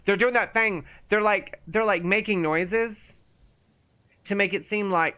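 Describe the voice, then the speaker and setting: A woman with a lowish, fairly bright voice streams a game at a moderate pace, her intonation lively. She chats casually, rambling playfully and talking to the characters in relaxed live-stream commentary.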